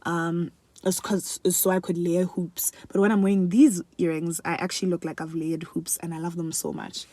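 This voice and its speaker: A young woman chatting casually to camera in a favourites vlog, animated and laughing often, switching between English and another language mid-sentence. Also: lowish voice, moderate pace, no room sound. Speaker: beauty and lifestyle vlogger. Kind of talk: casual chat.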